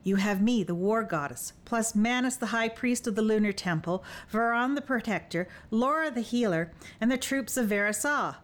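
A woman's voice: fairly high pitch, animated, moderate pace, hardly any pauses, voice pushed up, close to an everyday voice. A woman reading as a fierce, teasing young warrior woman. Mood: determined. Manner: archaic, bold and playful. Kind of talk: audiobook dialogue.

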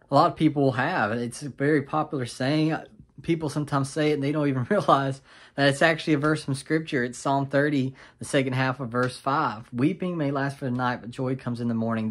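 Man, mid-pitched, casual video Bible teacher, chatty and explanatory. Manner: conversational, explains and paraphrases with a chuckle.

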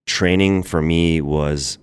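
A man's voice: extremely low pitch, fairly even intonation, takes it slowly, clean tone. A man, a podcast guest, candidly telling a personal story in a rambling way, full of fillers.

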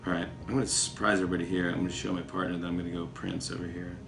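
A man giving casual, playful commentary while playing a mobile game, excitable and trash-talking his opponents. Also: low-pitched, very fast, creaky, music in the background. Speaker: talk show host.

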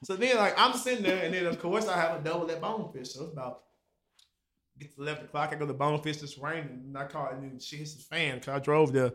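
A fast-talking young man with a slightly high voice shares a story with friends. Animated and loose with profanity, he acts out what each person said.

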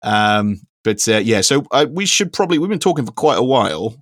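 Recorded dry with clean studio sound, this man has a mid-range, very animated voice and talks fairly quickly. As a podcast co-host, he rambles casually and swears occasionally.

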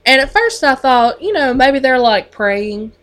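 A woman's voice: high-pitched, big pitch swings, unhurried, fairly bright tone. A woman who works on a mental health unit tells a story in casual conversation, chatty and full of fillers.

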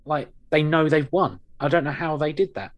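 A podcast co-host with a somewhat high voice speaks at a moderate pace while casually reviewing an episode. His chat is wry and rambling, full of fillers and restarts.

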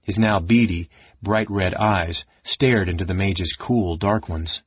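A man reading a fantasy audiobook as narrator, in an even, measured way. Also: deep voice, husky, no echo, highs cut off. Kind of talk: scripted narration.

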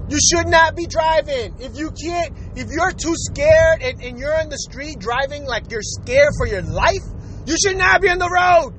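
This young vlogger's very high, fairly bright voice moves unhurriedly with lively intonation as he curses about traffic, saying the same things over and over. He's in a car in city traffic, and faint road noise can be heard.

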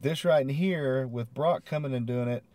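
A man's voice: medium pitch, moderate pace, mellow, no room sound. A man co-hosting a podcast, agreeable and laid-back, chuckling as he chats. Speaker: podcast co-host. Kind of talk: casual wrestling review chat.

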